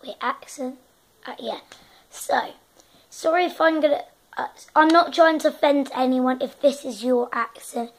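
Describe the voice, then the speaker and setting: A woman's voice: high-pitched, a little slow. A young woman vlogging casually, hesitant and self-conscious as she tries out accents. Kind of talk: casual vlog, trying out accents.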